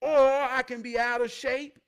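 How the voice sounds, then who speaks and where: A man giving a preachy motivational monologue in street slang. He repeats phrases for effect and builds up to shouted, profane emphasis. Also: extremely high pitch, little pitch movement, a little slow, smooth. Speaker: motivational speaker.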